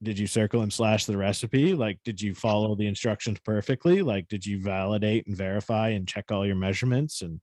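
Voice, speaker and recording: Man, new england accent, swears a lot, lowish pitch, dry close sound, casual podcast talk. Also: fairly quick, hardly any pauses, no echo. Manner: profane, animated storytelling. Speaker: podcast co-host.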